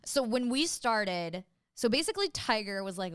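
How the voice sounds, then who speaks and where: A young adult woman, a podcast guest and business owner, chatting casually, bubbly and quick to laugh, rambling into digressions. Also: medium pitch, very animated, smooth. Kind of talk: casual chat.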